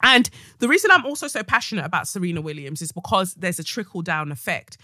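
A woman hosting a solo podcast, blunt, outspoken and sweary, with sudden loud bursts of emphasis. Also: on the low side, very animated, quick pace, no room sound, studio quality. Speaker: podcast host. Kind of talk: casual solo podcast monologue.

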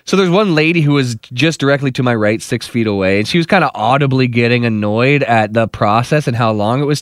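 A man co-hosting a radio show, telling a funny story in a casual, animated way. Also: mid-range voice, no room sound, clean studio sound. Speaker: radio co-host.

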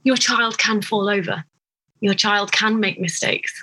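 A woman's voice: mid-range voice, measured pace, poor audio. A woman, a clinical psychologist, explaining her ideas in a podcast interview and acting out everyday examples as she goes. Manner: warm, expressive explainer, acts out examples.

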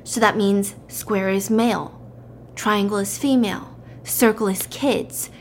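A woman casually retelling a story, animated and acting out the characters' lines in raised voices. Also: mid-range voice, unhurried, a little hiss or hum.

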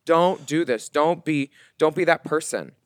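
A man co-hosting a gossip podcast, telling his story with lively, animated delivery. His voice sits a little high for a man. The close mic sounds dry, with no room around it. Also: measured pace, no echo. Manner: animated storyteller who acts out the other people in his stories. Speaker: podcast co-host. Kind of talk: casual gossip chat.

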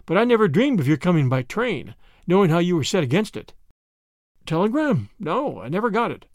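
A man voicing a grown son who speaks in a steady, matter-of-fact way. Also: sits high, fairly quick, no echo, clean studio sound. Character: grown son, a plain-spoken country man.

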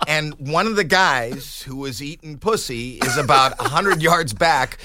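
A man's voice: a little high, measured pace, noisy background. A middle-aged man, a comedian guest on a podcast, telling an anecdote with laughter and put-on voices for the people in it. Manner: animated, laughing, voices in quotes. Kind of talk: storytelling anecdote.

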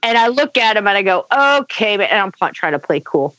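A woman's voice: mid-range voice, fast talker. A middle-aged woman, a guest on a talk show, telling a story with laughter and acting out what she said. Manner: animated, laughs often, acts out her own quotes. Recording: dull dry sound.

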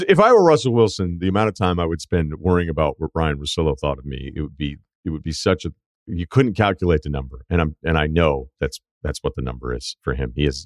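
Deep-voiced emphatic male podcast host. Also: dry recording, studio quality. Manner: emphatic storytelling, quick asides, frequent laughs. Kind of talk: casual chat.

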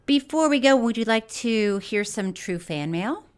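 A woman's voice: fairly high pitch, lively intonation, a little slow, smooth. A woman co-hosting a podcast in casual chat, giggly and gushing. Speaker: podcast co-host.

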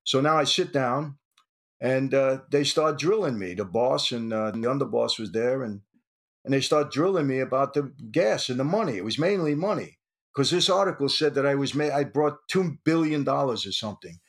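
A man's voice: mid-range voice, normal speed. Older New man telling a tense story. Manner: animated storytelling, acts out quoted dialogue. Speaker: interview guest, former mobster. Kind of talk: storytelling interview.

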